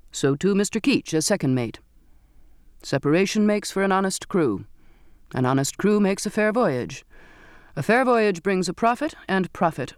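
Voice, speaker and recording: A man's voice: high voice, no echo, studio quality. A man playing a stern, sardonic sea captain. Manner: clear, firm, sardonic commanding delivery. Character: stern, courtly, contemptuous male ship captain.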